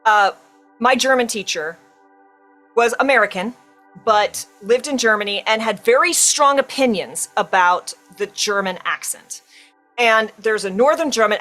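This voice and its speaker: A woman chatting casually on a podcast in a playful, quick-to-laugh way. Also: a little high, a bit bright, soft background music. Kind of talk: casual chat.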